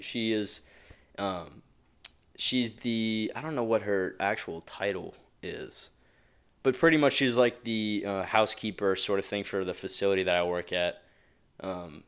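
A man's voice: lowish voice, smooth. A young man hosting a motivational podcast alone, talking casually and rambling with many asides and chuckles. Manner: rambling and conversational, with frequent asides; chuckles often. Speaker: podcast host.

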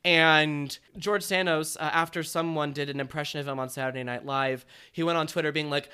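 A man co-hosting a podcast, chatting in an animated way with drag slang and frequent laughs. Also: a little high, moderate pace, clear, resonant tone. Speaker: podcast co-host. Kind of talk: casual chat.

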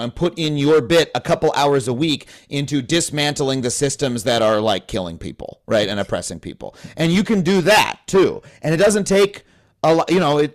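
Man, thirties, comedian guest, fiery, swearing, rambling, slightly high voice. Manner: impassioned, profane, rambling. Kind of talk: animated podcast conversation.

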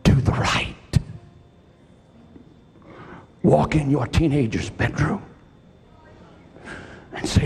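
A man preaching a sermon to a church. He pleads with the congregation, dropping to hushed, almost whispered lines and then rising to shouted exhortation. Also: medium pitch, very slow, creaky, long pauses, slight background noise. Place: large church hall. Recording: long hall reverb.

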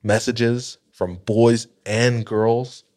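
A man in his early thirties from Hawaii, co-hosting a podcast and telling a story in a relaxed, rambling way. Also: mid-range voice, drawn-out words. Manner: laid-back storytelling with fillers. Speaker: podcast co-host. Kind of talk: casual chat.

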